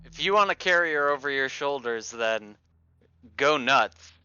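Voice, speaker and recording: Bright male player, wry and level, dull audio. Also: mid-range voice, lively intonation, a little slow, clear, resonant tone, no room sound. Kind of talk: tabletop role-play.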